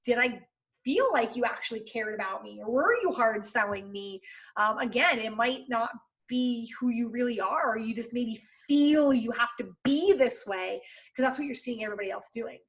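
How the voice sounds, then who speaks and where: A woman's voice: on the high side, moderate pace. A woman hosting her own podcast, giving casual and encouraging sales advice in a conversational way. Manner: conversational and encouraging, lots of fillers. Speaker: podcast host and sales coach.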